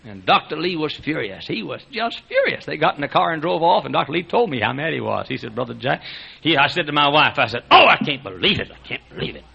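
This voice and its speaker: Chuckling folksy older preacher. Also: male voice, a little high, lively intonation, fast, creaky, husky. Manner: folksy storytelling, chuckling, swings to loud exclamations. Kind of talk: sermon. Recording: dull lo-fi sermon recording.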